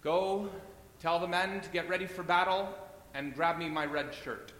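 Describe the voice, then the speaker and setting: An unflappable old sea captain, speaking low, slow and steady as a preacher puts him on. The bright voice rings in a large echoey hall with a soft rumble underneath. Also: male voice. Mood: calm. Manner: calm, slow and measured.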